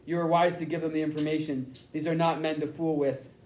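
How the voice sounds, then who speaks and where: A man voicing a middle-aged German spy who speaks quietly in stiff, formal phrases. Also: on the high side, flat delivery, a little fast, natural voice. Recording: roomy echo.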